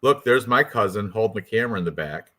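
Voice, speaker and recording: A man with a lowish, sharp voice co-hosts a fight picks stream, speaking fast and expressively. He rambles through casual banter, swearing and laughing often.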